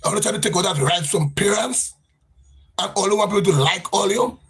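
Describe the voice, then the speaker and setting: A man's voice: high-pitched, a little fast, a bit bright, slightly rough. A man with a Grenadian accent giving an impassioned, repetitive political rant on a livestream. He talks with a sing-song cadence. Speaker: livestream host.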